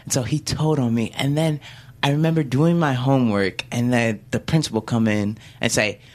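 A panelist telling a childhood story in a casual chat, animated and acting out the voices. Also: female voice, a bass voice, moderate pace.

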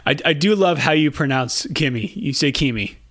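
A man hosting a casual podcast chat, relaxed, laughing easily and filling pauses with ums and uhs. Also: a little high, no echo, studio quality. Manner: relaxed, laughs often, many fillers. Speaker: podcast host.

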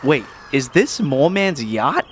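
A man's voice: fairly high pitch, sing-song, a little slow, a little hiss or hum. Man playing an easygoing joking guy.

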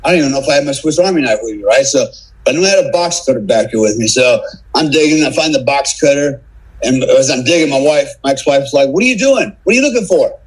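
A man's voice: mid-range voice, fast, slightly rough, poor audio. A middle-aged man from the United States, a podcast guest telling a casual story with swearing, tagging lines with "man" and "right?". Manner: salty, swearing, keeps adding "man" and "right?".

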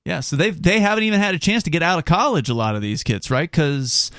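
Lively male talk radio host. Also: a little high, fast, dry recording, clean studio sound. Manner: animated, conversational, says "right?" often.

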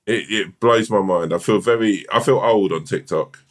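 A man's voice: lowish voice, normal speed. A man co-hosting a podcast in casual chat, rambling and swearing often with lots of restarts. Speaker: podcast co-host.

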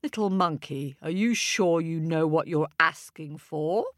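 A woman voicing a patient, kindly old god figure in a storybook, speaking in a slow, gentle, lowered voice. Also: no echo, clean studio sound.

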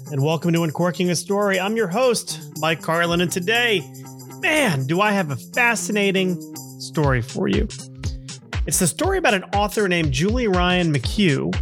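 A man's voice: high voice, fairly bright tone. A man in his fifties hosting a podcast, telling a personal story in a rambling way with chuckling asides. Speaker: podcast host.

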